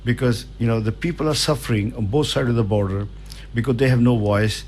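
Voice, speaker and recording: A man's voice: mid-range voice, brisk, a little mellow, slight background noise. Older man, radio studio guest, earnest, emphatic, motivational delivery. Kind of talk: radio interview.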